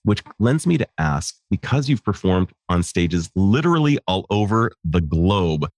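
A man's voice: sits low, very animated, a little slow, darkish tone, no echo. A man hosting an interview, asking thoughtful questions and reflecting on ideas in academic terms. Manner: thoughtful, uses academic vocabulary. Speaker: interview host. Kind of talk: podcast interview.

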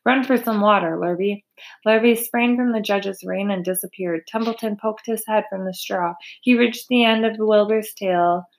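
A woman's voice: medium pitch, fairly even intonation, moderate pace, few pauses. Woman reading a children's book aloud. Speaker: reader.

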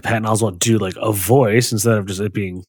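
A man's voice: on the low side, steady tone, a little fast, a little mellow, slightly rough, no echo, studio quality. A man co-hosting a podcast, talking casually and laid-back, with frequent swearing and laughter. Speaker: podcast co-host. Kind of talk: casual chat.

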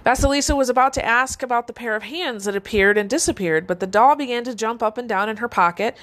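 Woman telling a fairy tale, higher voice. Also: quick pace, fairly bright tone. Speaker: storyteller.

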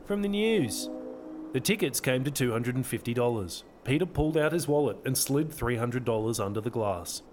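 Aussie guy reading his own audio novel, dry measured delivery, mid pitch, soft music under. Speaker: author and narrator. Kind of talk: audiobook narration.

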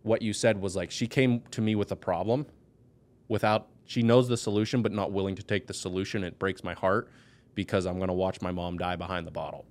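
Male podcast guest, lowish voice, intense and blunt, raw personal storytelling. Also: fairly even intonation, fairly quick, a little mellow. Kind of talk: candid personal conversation.

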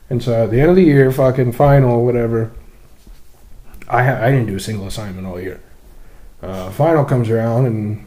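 Young guy cohost ranting a story, swears a lot, does the voices. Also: medium pitch. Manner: animated, profane, acts out quotes. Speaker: podcast co-host. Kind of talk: casual storytelling chat.

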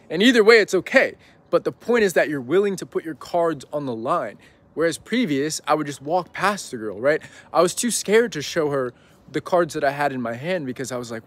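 A man's voice: a little high, lively intonation, fairly quick. A young man telling a story as a podcast guest in a casual, rambling way, full of "like" and "right?". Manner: rambling, heavy use of "like" and "right?".

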